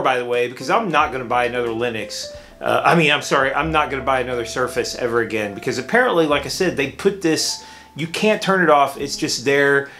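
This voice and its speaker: A man's voice: medium pitch, fairly bright tone. Exasperated man rambling in a vlog. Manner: rambling, exasperated storytelling with many restarts. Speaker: vlogger and art teacher. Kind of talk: casual vlog monologue. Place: indoors under a beauty light.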